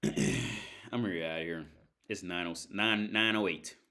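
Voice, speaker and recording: A man's voice: sits low, a little slow, vocal fry, pushed and bright. A man hosting a casual livestream from home, ranting in a rambling, crude way, full of restarts and filler words. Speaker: livestream host. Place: at home by his TV.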